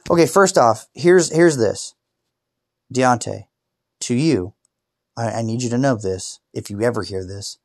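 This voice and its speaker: A man lying in bed telling a painful personal story, halting and restarting, swearing and rising into angry outbursts. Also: mid-range voice, no echo, clean studio sound.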